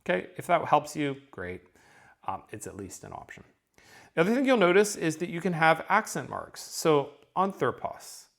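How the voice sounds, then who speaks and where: A man's voice: a little high, big pitch swings, normal speed, creaky. Man teaching a lesson, full of ums. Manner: explanatory, with frequent ums and checking okays. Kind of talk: recorded lesson.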